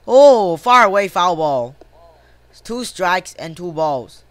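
A woman's voice: on the low side, big pitch swings, slow pace, sharp tone, no room sound. A woman giving casual commentary while playing a game, often swearing and grumbling at the plays, talking to herself and her viewers. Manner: talks to self and viewers between plays. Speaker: gamer.

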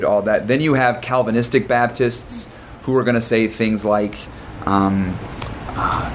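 Pastor talking fast in Bible study. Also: male voice, fairly low pitch, fairly even intonation, noisy background. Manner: informal and fast, with restarts and joking asides. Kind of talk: conversational Bible study teaching.

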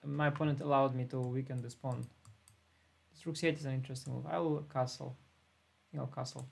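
A man's voice: mid-range voice, little pitch movement, fairly quick, vocal fry, slightly rough. A laid-back man thinking aloud as he plays an online chess simul on a live stream. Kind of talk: live-stream commentary while playing.

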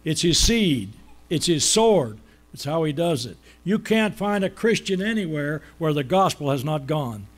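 A man preaching a sermon, asking questions and then answering them, slowing down to stress key words. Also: on the high side, sing-song.

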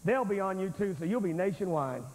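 A man's voice: high-pitched, expressive, a little fast, a little mellow. A man preaching a revival sermon to a large congregation, folksy and emphatic as he speaks straight to the crowd. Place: large church sanctuary with thousands present. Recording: reverberant hall on an old VHS tape.

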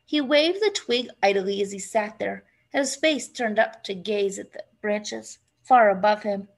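A woman narrating a storybook aloud in an expressive, lively storytelling manner. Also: mid-range voice, a little slow. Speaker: reader.

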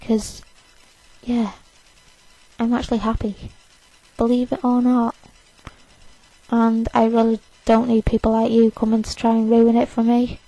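A woman's voice: a little high, level tone, measured pace, pauses often, mellow, no echo, poor audio. An eighteen-year-old woman, overtired, rambling defiantly and self-consciously in a casual to-camera rant. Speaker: vlogger.

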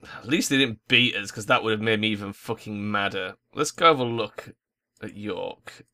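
A man's voice: lowish voice, normal speed, bright, forceful tone. A young man giving sweary, frustrated commentary over a football tactics game. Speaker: gaming YouTuber. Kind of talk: gameplay commentary.

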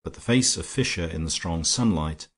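Male audiobook narrator, deep husky voice, steady scripted reading. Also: normal speed.

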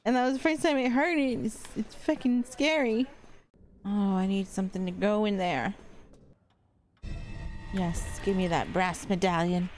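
A woman's voice: medium pitch, measured pace, pauses often. A woman streamer commentating live gameplay, jumpy and swearing often as she talks to her chat. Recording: loud music behind voice.

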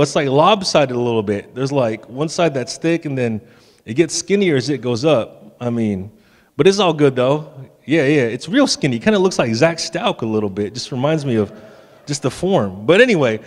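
Casual pastor in a reverberant church hall. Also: male voice, a little high. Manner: casual, joking, with stammered restarts. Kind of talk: sermon. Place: church sanctuary.

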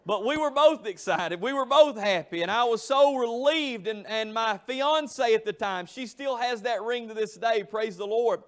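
A middle-aged man, preaching a revival sermon in a church, telling a story with emphatic, drawn-out phrases. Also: extremely high pitch. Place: church sanctuary.

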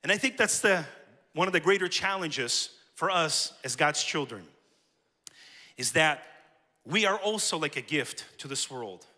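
Male pastor, sermon storyteller, high voice, long hall reverb. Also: animated, unhurried, bright, forceful tone. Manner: personal storytelling, addresses the church directly. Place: church sanctuary.

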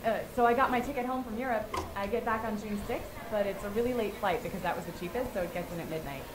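An actress playing a young woman leaving a quick, reassuring voicemail for her mother. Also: mid-range voice, close to an everyday voice. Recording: roomy, noisy answering-machine message.

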